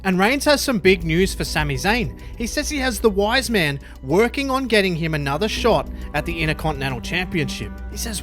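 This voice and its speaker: A man narrating a scripted story in an upbeat, energetic way. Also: high voice, fairly quick, hardly any pauses, soft background music. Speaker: YouTube storyteller.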